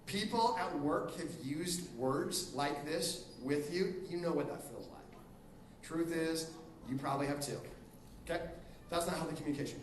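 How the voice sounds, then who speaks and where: Man, guest pastor, joking sermon, fairly high voice, roomy church hall, a bit far from the mic. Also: slight background noise. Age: middle-aged. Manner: animated, joking, acts out quotes. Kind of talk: casual sermon. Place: church auditorium.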